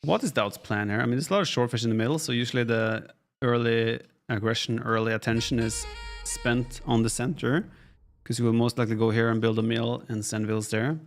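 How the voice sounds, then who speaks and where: Streaming from his home office, this man gives laid-back commentary on an esports match, musing aloud and answering chat questions. He speaks briskly in a mid-range voice, with soft music playing behind him.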